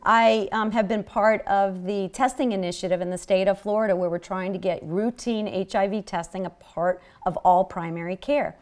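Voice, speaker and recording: Speaking in a steady, mid-range voice at a moderate pace with few pauses, a woman lectures at a public health seminar. Her stories come from clinic work, told earnestly with frequent restarts.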